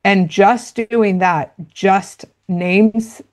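A woman's voice: mid-range voice, fairly even intonation, drawn-out words. A woman guest in a conversational interview, explaining parenting in an earnest, practical way and acting out little quoted exchanges.

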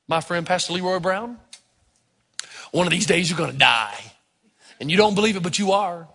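A man's voice: high voice, moderate pace, creaky, breathy edge. A man, a pastor from Tennessee, preaching a sermon and acting out stories. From Tennessee, USA. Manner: animated storyteller, acts out voices.

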